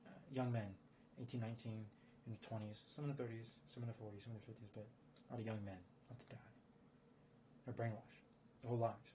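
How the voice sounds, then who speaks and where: A man's voice: fairly low pitch, level tone, fast, long pauses. A man giving rambling casual commentary, full of fillers and restarts. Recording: dull lo-fi audio with faint noise.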